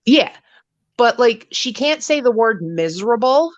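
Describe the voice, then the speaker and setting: A woman's voice: a little high, unhurried, dry recording. Profane gossiping woman, dull lo-fi audio. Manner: profane, animated storyteller. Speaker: co-host of a livestream chat show. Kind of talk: casual gossip chat.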